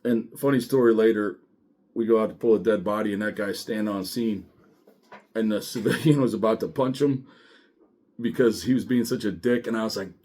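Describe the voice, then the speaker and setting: A man's voice: lowish voice, fast talker, mellow. A man, a former deputy, telling a blunt, profane story casually to camera and quoting others as he goes. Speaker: former sheriff's deputy and diver.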